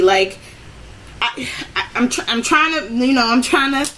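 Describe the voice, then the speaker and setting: Animated woman venting a work story. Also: unhurried, slight background noise, rough recording. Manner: animated, pitch jumping high when reliving frustration; rambling with frequent restarts and "I'm like". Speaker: vlogger telling a personal story. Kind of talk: casual storytime.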